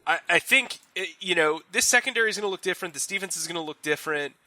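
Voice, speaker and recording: Bright-voiced man breaking down football. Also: high-pitched, dry recording. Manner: animated, rapid with frequent restarts. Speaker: sports reporter co-host. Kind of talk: casual sports analysis chat.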